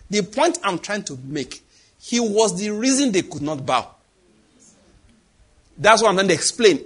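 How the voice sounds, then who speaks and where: A man preaching in a high, husky voice. His delivery is lively and dramatic, swinging widely in pitch as he acts out voices and sound effects. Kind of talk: sermon.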